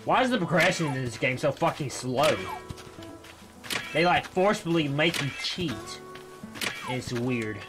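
A young man streaming a video game, reacting casually with frequent swearing and sudden excited outbursts. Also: fairly high pitch, unhurried, pauses often. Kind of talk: casual gameplay commentary. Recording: game music behind.

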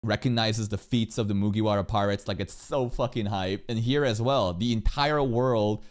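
A man giving casual reaction commentary as a streamer. He swears often and jumps from calm explaining to loud, high-pitched rants. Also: normal speed.

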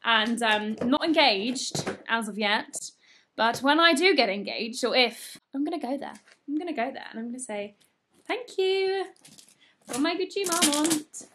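A woman from the north of England, gushing and gasping through an excited unboxing in a home vlog. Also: a little high, normal speed, noisy background. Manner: gushing, gasping, breathy asides. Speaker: vlogger. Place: home room, indoors.

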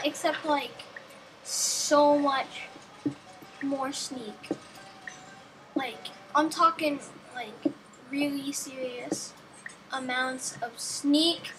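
High-voiced young woman rambling over gameplay. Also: sharp tone, a little hiss or hum, rough recording. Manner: rambling, sarcastic, talks to herself and the game. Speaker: gameplay commentator. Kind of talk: casual gameplay commentary.

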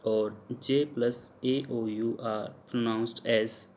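A man with an Indian English accent teaching French pronunciation in a lecture, halting often with fillers and repeating example words. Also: mid-range voice, fairly even intonation, a little mellow, slight background noise.

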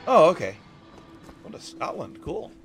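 A man's voice: fairly high pitch, wildly swooping pitch, measured pace. A man giving casual, sarcastic commentary while playing a video game. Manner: sarcastic, joking asides. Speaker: let's play gamer. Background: game music.

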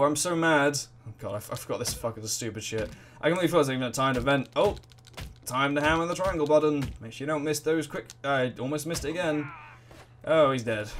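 A man giving excitable, rambling let's play commentary full of swearing and reactions to the game. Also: medium pitch, a little hiss or hum. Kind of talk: gaming commentary.

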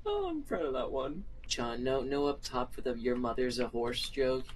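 A man's voice: medium pitch, big pitch swings, moderate pace, slight background noise, rough recording. Teasing young man in gaming chat. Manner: joking, teasing, frequent laughter. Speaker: gaming friend.

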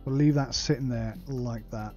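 A man's voice: medium pitch, normal speed, warm tone, dull audio, faint music behind. A man hosting a let's play, reading game text aloud and muttering asides to himself. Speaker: gaming channel host.

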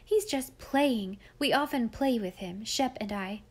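A woman reading a storybook, voicing a spirited, caring young farm girl who speaks briskly and firmly. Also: on the high side, slightly rough. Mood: impatient. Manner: brisk, firm and bright.

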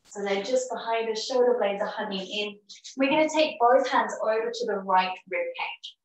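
Calm woman guiding yoga in echoey room. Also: on the high side, normal speed, recorded from a distance. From Australia. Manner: calm, encouraging, cueing breaths. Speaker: yoga teacher. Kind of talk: guided yoga class instruction.

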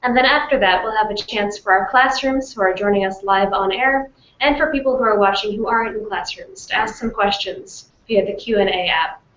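Woman host, mid-pitched, friendly scripted intro, roomy dull call audio. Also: a little fast, few pauses, fairly bright tone, a little hiss or hum. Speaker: program host. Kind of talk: introducing an online classroom program. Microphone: video call.

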